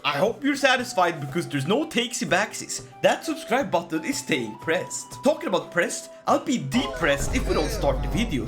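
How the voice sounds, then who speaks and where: A gaming channel host giving scripted, joking narration of a strategy game playthrough. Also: medium pitch. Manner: playful, jokey, does silly voices. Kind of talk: scripted gameplay narration with jokes.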